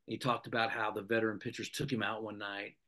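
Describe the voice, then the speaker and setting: A middle-aged man, once a sports anchor, speaks fast in a lowish voice. He's a guest on a podcast interview, casually telling animated anecdotes and acting out the people he quotes.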